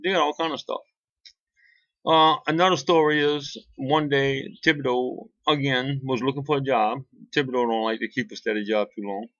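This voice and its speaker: A man's voice: medium pitch, steady tone, normal speed, fairly bright tone, no room sound, dull audio. Cajun man telling folksy jokes. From Louisiana. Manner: folksy, rambling, with restarts and "boy". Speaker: joke teller. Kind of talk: casual joke storytelling.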